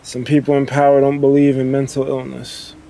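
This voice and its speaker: A man's voice: medium pitch, monotone, gravelly, warm tone, slight background noise. A man chiming in earnestly on a game stream, stumbling and restarting as he talks. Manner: earnest, halting, restarts his sentences. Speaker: streamer co-host. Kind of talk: casual chat while gaming.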